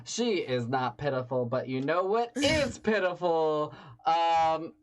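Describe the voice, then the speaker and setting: Low-voiced, lively woman comedy emcee. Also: takes it slowly. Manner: self-deprecating, rambling, cheering. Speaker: open mic host. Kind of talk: stand-up emcee introduction.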